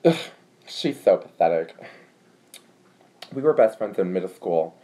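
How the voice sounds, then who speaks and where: A man's voice: low voice, lively intonation, unhurried, dark tone, pitched below the performer's own voice, low-quality recording. A man voicing a catty, gossipy teenage girl who rules her school clique, with a dismissive valley-girl drawl. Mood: catty gossip. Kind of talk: fan monologue reenactment.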